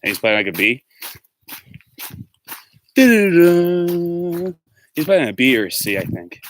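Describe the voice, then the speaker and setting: A man with a lowish, animated voice talks fast in a pushed, bright tone. A livestream host and musician, he walks through a neighborhood chatting casually, rambling between topics and answering viewers by name, with faint street noise and distant barking dogs behind him.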